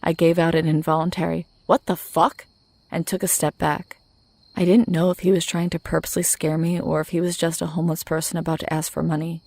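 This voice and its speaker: Narrating a horror tale at a fast clip, a woman keeps her low, raspy voice flat and her scripted reading steady. The recording is close and dry, with no room sound at all.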